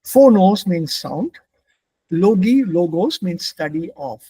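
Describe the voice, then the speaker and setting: A man's voice: high-pitched, lively intonation, takes it slowly, warm tone, slightly rough, dry recording. A middle-aged man, patiently explaining German pronunciation rules to a class step by step.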